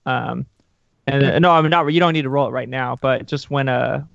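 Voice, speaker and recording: Male player, gravelly yet smooth, relaxed, lo-fi stream audio. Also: medium pitch, moderate pace, no room sound. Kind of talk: casual game chat.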